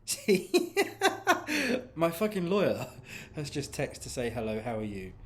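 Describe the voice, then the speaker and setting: A man's voice: mid-range voice, wildly swooping pitch, measured pace, fairly bright tone, reverberant, slight background noise. A man rambling in a casual, sweary monologue from his home office, laughing often. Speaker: author and podcast host.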